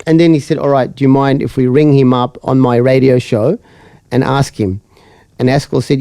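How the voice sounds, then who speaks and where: Male co-host, storyteller who acts out the quotes, mid-pitched voice, dry close sound. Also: steady tone, moderate pace, warm tone, dry recording. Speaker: podcast co-host. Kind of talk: casual chat.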